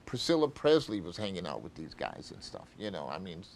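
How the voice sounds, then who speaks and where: A man's voice: deep voice, big pitch swings, fairly quick, creaky. An older man from New York telling long stories in an interview, rambling with many fillers and acting out old conversations. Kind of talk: anecdotal interview storytelling.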